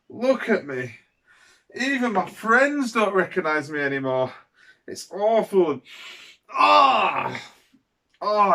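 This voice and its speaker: A man's voice: high-pitched, sharp tone, full character voice. A man playing a mournful leper outcast. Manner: mournful, sighing, slow and heartfelt. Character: man with leprosy, outcast, telling his healing. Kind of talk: dramatic monologue for children.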